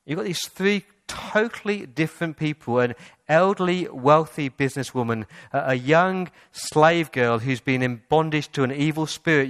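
A man's voice: fairly high pitch, fairly bright tone, no echo, studio quality. Man preaching a sermon. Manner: rhetorical questions, rises to emphatic passages. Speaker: pastor. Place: church hall.

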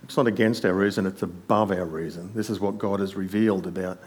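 Man preaching a sermon, lowish voice. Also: steady tone, quick pace, breathy edge. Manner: expository preaching, rising emphatic on quotes, dropping quiet on asides.

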